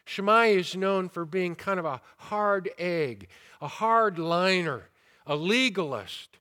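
Slow-preaching high-voiced man. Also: expressive, long reverb tail. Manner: deliberate preaching with rising emphasis and quiet asides. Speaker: pastor. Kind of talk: sermon.

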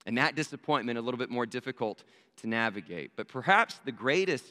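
A man's voice: medium pitch, animated, brisk, pushed and bright. A man, a pastor, telling a story in a sermon, talking casually and turning to his listeners with rhetorical questions. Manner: conversational, addresses listeners directly with rhetorical "right?". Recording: long hall reverb.

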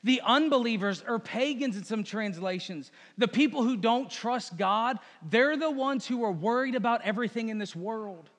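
A man's voice: very high-pitched, moderate pace, hardly any pauses, a bit bright, long reverb tail. A man preaching a sermon as pastor, earnest and emphatic, repeating his key phrases.

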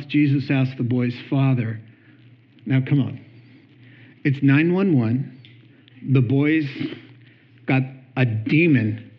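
A man preaching a sermon with animated storytelling, acting out quotes and chuckling between points. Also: mid-range voice, muffled recording. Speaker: pastor.

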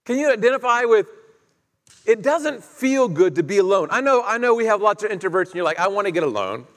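This preacher's high voice swings widely in pitch, running a little fast with a slightly bright quality. He retells the story in a conversational sermon, asking his listeners questions, and the hall echoes with long reverb.

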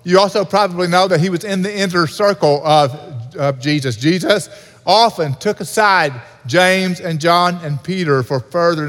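A pastor delivering an earnest sermon in a church, repeating key points for emphasis. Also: male voice, high-pitched, fairly bright tone. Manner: earnest preaching with repetition. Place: church sanctuary. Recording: reverberant hall.

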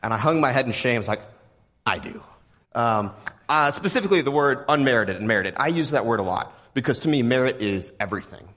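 A young man from Texas preaching a sermon in a relaxed, joking, conversational way. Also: mid-range voice, fast. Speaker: pastor.

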